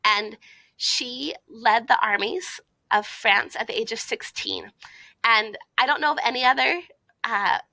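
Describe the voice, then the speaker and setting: A woman's voice: fairly high pitch, unhurried, vocal fry, pushed and bright, no room sound, poor audio. A woman giving an informal recorded talk to a youth conference, chatty, with frequent fillers and asides.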